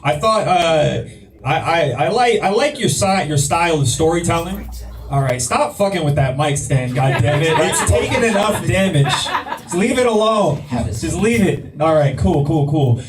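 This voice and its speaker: Higher-voiced rambling comedy judge. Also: male voice, expressive, moderate pace, soft background music. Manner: rambling, stammering, joking. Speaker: host and judge. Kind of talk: judge's feedback at comedy show. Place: comedy club. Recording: distant club sound with crowd.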